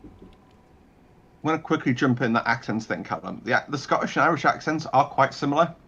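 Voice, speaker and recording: A man's voice: medium pitch, lively intonation, normal speed, a bit bright, breathy edge. Guy rambling thru history trivia on a muffled lo-fi line, lots of ums. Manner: rambling anecdotes with many fillers and restarts. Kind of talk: casual storytelling chat.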